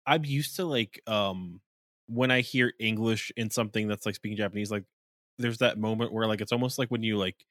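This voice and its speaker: A man's voice: lowish voice, a little fast, a bit bright, dry recording, studio quality. A man in casual podcast chat about an anime, rambling with lots of fillers in a laid-back way.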